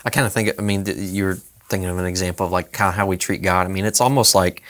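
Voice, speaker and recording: A man with a deep voice talks quickly and earnestly, building an everyday analogy step by step during a relaxed Bible discussion.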